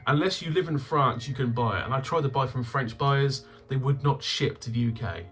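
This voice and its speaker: A man hosting a game-collecting channel, chatting casually as he opens his games, swearing freely and bursting into loud laughter. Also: medium pitch, brisk, soft background music. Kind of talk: casual unboxing chat.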